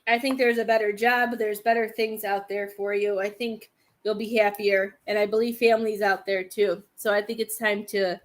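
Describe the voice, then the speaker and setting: A woman's voice: mid-range voice, flat delivery, normal speed. A woman hosting a live-stream psychic reading, hesitant and thinking aloud as she speaks to viewers by name. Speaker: psychic medium host.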